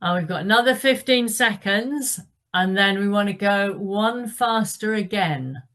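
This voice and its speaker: A woman's voice: mid-range voice, measured pace, a bit bright. A woman leading an indoor cycling class, giving encouraging instructions and calling out the pedaling rhythm.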